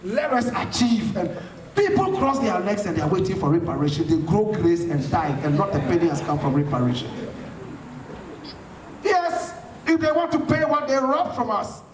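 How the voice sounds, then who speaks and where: A man's voice: sits high, big pitch swings, normal speed, a crowd in the background. A man from Ghana giving an impassioned, rhetorical talk to an audience in a hall, answering questions. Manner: fiery, rhetorical, preaching tone. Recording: echoey hall from far off.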